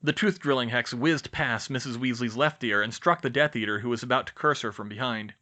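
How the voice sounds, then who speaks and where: A man narrating a fan fiction audiobook in a lively, expressive reading. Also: mid-range voice, a little fast. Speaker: audiobook reader.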